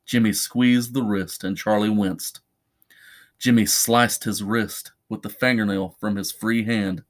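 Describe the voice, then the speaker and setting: A man narrating a horror story as a podcast host, measured and ominous. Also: lowish voice.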